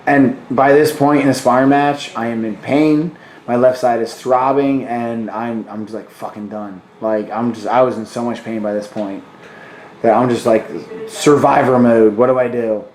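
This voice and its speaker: A man's voice: medium pitch, steady tone, moderate pace, darkish tone, a little hiss or hum. A man in casual chat, commenting on a sparring video, laughing often and swearing, with lots of "like" fillers. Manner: laughing, profane, many "like" fillers. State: tired from sparring. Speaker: co-host. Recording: roomy echo.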